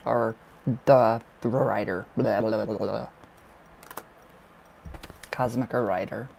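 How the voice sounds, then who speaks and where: A man's voice: medium pitch, steady tone, takes it slowly, gravelly, long pauses, a little mellow, a little hiss or hum. A man giving tarot card readings on a casual livestream, affectionate and gushing, laughing often as he chats to viewers. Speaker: tarot reader.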